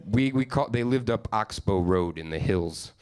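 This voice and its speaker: A man's voice: lowish voice, expressive, normal speed, darkish tone, smooth. A man from Upstate New York performing a stand-up comedy set, telling profane, rambling stories with mock-exasperated asides. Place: comedy stage with live studio audience.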